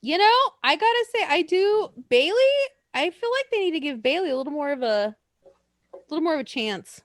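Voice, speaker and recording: A woman co-hosting a casual podcast chat, excitable and swearing freely, laughing often. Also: high-pitched, brisk, no room sound, clean studio sound. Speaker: podcast co-host.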